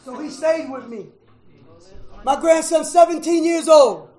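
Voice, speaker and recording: A middle-aged man telling his recovery story to a meeting, emotional, with a preacher-like rhythm, going from hushed to shouting and repeating "man.". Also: extremely high pitch, unhurried, roomy sound, low-quality recording. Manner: preacher-like, repeats phrases, says "man" often. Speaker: recovery speaker at a fellowship meeting. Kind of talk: personal testimony to an audience.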